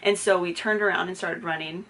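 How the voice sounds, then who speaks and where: A woman giving eyewitness testimony in a hurried way, with fillers like "um" and "like". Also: lowish voice, steady tone, a bit bright, a little hiss or hum. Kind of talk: recounting testimony.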